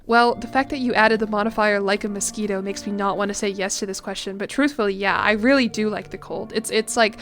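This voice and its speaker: A woman's voice: mid-range voice, steady tone, fairly quick, few pauses, fairly bright tone, soft background music. A young American woman chatting casually on a game stream, reading chat aloud with a chatty, self-deprecating manner. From United States. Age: young adult. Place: home room.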